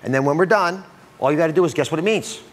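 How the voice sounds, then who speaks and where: A man's voice: fairly high pitch, rapid-fire, big-room sound. A middle-aged man hosting a studio talk show, playful and jokey as he quizzes his guests. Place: TV studio with audience.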